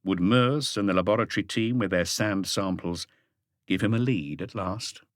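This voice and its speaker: A man narrating a mystery audiobook in an expressive storytelling manner. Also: low-pitched, normal speed, no echo, studio quality. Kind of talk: scripted narration.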